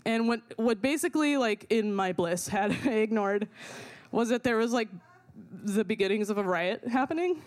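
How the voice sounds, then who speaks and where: A young woman telling a personal story in an animated way, full of fillers and swearing, often laughing as she talks. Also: fairly high pitch, normal speed. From not from America.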